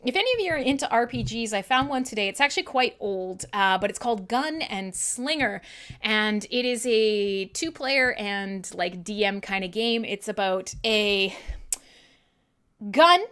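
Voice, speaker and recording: A woman's voice: mid-range voice, animated, a little slow, clear, resonant tone. A woman hosting a live metal radio stream, chatting casually in a rambling, irreverent way and swearing freely. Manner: talks to her dog in a soft coo. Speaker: metal radio show host.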